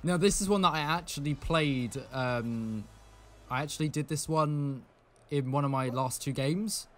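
A young man giving live gameplay commentary, excitable, swinging from muttered asides to yelling at the game. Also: on the high side, measured pace. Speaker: gaming video creator.

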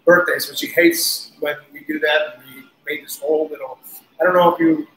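A man guest on an interview, telling casual, animated stories with laughs and cursing. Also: fairly high pitch, a little fast. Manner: animated, laughing, swears freely. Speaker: guest musician. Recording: roomy echo, faint noise.

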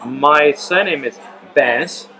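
Bright-voiced playful podcast host man. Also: fairly high pitch, takes it slowly, creaky, faint music behind, rough recording. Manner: easygoing, playful interviewer. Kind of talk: casual podcast chat.

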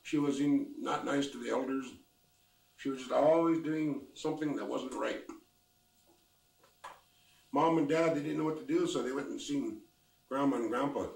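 An older man from the Pacific Northwest telling a folk tale in a lively, folksy way with exclamations. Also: medium pitch, moderate pace, creaky, long pauses. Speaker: storyteller. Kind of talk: oral storytelling. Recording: roomy, mic at a distance.

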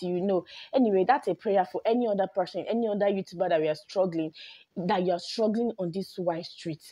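Nigerian lady vlogger going off at a commenter, kinda husky, says "you know" a lot. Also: lowish voice, dark tone. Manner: mixes English with Pidgin, repeats "you know". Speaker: YouTuber. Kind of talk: ranting vlog to camera.

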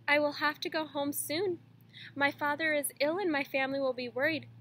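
Shy, polite poor young dancer girl for a storybook, played by a woman reader; pitched up. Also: fairly even intonation, fairly quick, pushed and bright, a little hiss or hum. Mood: timid. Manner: timid, polite.

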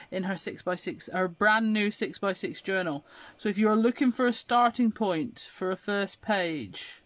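In a dry recording, a middle-aged craft show host from Scotland with an English accent demonstrates live, chatting and replying to viewer comments as she works. Her voice is medium-pitched with a fairly bright tone.

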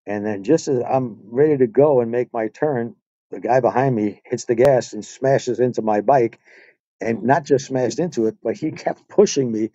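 An older man with a very dark, mellow voice tells stories as a guest on a live stream, unhurried and easy. The sound is dry and a little dull, like lo-fi stream audio. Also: medium pitch, no room sound. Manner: relaxed storyteller, acts out voices in his anecdotes. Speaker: guest, retired motor officer and riding instructor. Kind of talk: live stream interview, storytelling.

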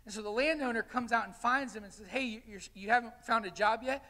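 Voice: medium pitch, fast talker, sharp tone, in a large hall. A pastor preaching a sermon, telling stories and animatedly acting out the quotes. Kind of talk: sermon with storytelling. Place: church sanctuary.

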